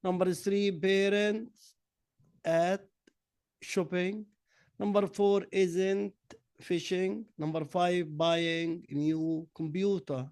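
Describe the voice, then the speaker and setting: A male English teacher whose first language is Arabic, with an Egyptian accent. His voice sits high and moves at a slow, deliberate drilling pace as he reads answers one word at a time. The recording is dry and close. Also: steady tone, a little mellow, smooth, dry recording. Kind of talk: classroom lesson mixing Arabic and English.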